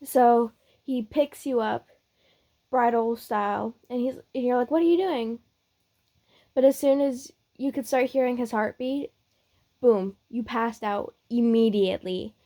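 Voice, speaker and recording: A woman's voice: on the high side, fairly even intonation, warm tone. A woman narrating a reader-insert story in a casual, chatty way. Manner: unhurried, chatty, with fillers.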